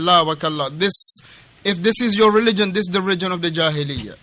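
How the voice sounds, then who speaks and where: High, bright-voiced emphatic male lecturer. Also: fast talker. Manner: emphatic, repeats key phrases, mixes street slang with Arabic terms; acts out quoted dialogue. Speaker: Islamic lecturer. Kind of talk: mosque lesson explaining a classical text. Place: mosque.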